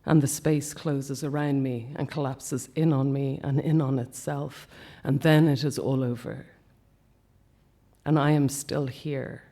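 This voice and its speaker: Guy reading his own memoir piece out loud, soft and measured, goes hushed a lot, middle pitch. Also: flat delivery. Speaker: speaker reading a personal account.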